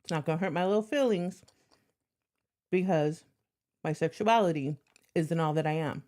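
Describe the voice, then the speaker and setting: A woman's voice: low voice, moderate pace, dark tone. A woman streamer talking bluntly and profanely in casual stream chat, with a sarcastic edge. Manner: slightly out of breath while moving furniture.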